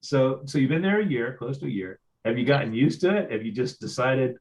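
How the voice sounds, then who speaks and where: A man's voice: mid-range voice, expressive, a little fast, darkish tone. A man with a Midwestern accent hosting an interview, chatty and telling stories with frequent stammers and repeats. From Ohio. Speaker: host. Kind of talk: casual interview chat.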